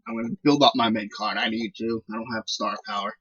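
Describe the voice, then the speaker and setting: A man's voice: fairly low pitch, steady tone, fast, fairly bright tone, slightly rough, no echo, muffled recording. A man giving casual, rambling commentary while playing a wrestling management game. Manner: chatty, rambling recaps. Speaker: video game let's player.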